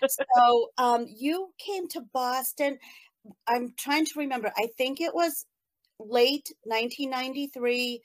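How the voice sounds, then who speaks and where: A woman's voice: sits high, unhurried. A woman co-hosting an interview, telling a fond memory in a rambling, emotional way. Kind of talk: casual interview chat.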